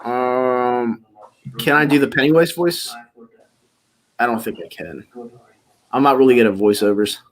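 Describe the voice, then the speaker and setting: A laid-back man chatting on a live stream, rambling from one thought to the next. His voice sits at an ordinary pitch and he laughs easily. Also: a little slow, long pauses. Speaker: stream host. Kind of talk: casual live reaction stream chat.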